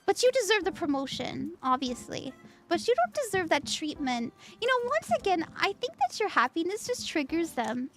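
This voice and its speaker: Bubbly high-voiced woman tarot streamer. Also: big pitch swings, moderate pace, fairly bright tone, faint music behind. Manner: bubbly, giggly, reads chat aloud. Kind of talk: casual livestream tarot reading.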